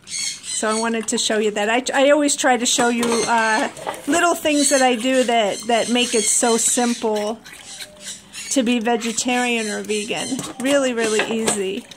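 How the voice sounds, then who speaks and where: A woman's voice: a little high, background noise. A woman vlogging with her pets in casual chat, talking into a hand-held phone and cooing baby talk at her birds. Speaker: pet vlogger. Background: birds chirping and squawking.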